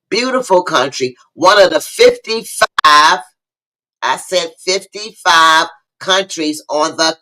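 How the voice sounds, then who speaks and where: Bright-voiced woman hosting a preacherly livestream. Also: on the low side, rough recording. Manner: preacherly, calls out viewers by name and repeats lines for emphasis. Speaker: host of a live online talk show. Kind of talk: lively livestream talk to viewers.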